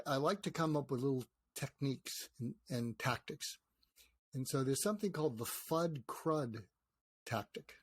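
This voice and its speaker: An older man with a voice of middling pitch, talking as an interview guest. He tells stories with energy and slips into the voices of the people he describes. The sound is dry and close to the mic. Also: no echo. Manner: animated storyteller, acts out quoted dialogue. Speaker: guest psychiatrist and author. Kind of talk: conversational interview.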